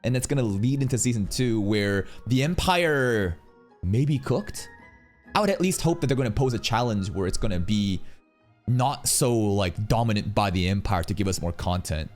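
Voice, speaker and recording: A man streaming casual reaction commentary on an anime film, swearing freely, with sudden loud outbursts. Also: lowish voice, lively intonation, moderate pace, soft background music.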